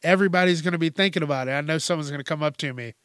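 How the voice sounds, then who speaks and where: A man's voice: a little high, racing, a bit bright, smooth, dry recording, studio quality. A middle-aged man hosting a podcast, talking in a blunt, profane, rambling monologue. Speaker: podcast host. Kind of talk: casual monologue.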